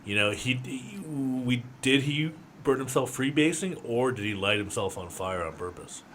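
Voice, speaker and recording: A man's voice: medium pitch, animated, normal speed, fairly bright tone. Male podcast co-host, casual, laughs easily, light background noise. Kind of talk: casual chat.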